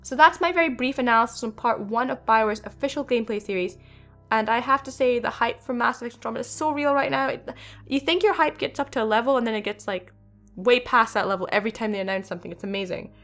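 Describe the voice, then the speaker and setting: A young woman hosting a gaming channel, talking in an excited, rambling way with many fillers. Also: a little high, fast talker, soft background music. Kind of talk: casual video game commentary.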